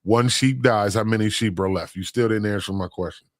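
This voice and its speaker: Male streamer; low, dry voice; chats laid-back with viewers, teasing and laughing. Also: fairly quick, dry recording. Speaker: livestream host. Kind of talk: casual livestream chat, reading comments aloud.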